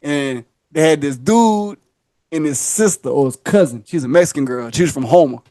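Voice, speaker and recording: A podcast host with a high-leaning male voice talks at normal speed in a dry recording. His long, chatty story comes alive as he mimics the people he quotes and breaks into laughter often.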